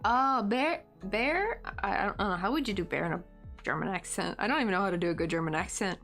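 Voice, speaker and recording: Rambling woman streamer thinking out loud. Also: on the low side, very fast, vocal fry, soft background music. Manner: rambling, thinking aloud with many fillers; chuckles often. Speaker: crochet live streamer. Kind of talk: casual chat.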